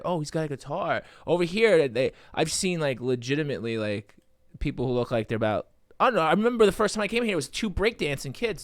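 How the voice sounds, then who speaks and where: A man co-hosting a podcast tells rambling stories in casual chat, animated and full of fillers. His voice is mid-range, recorded with studio quality and no echo.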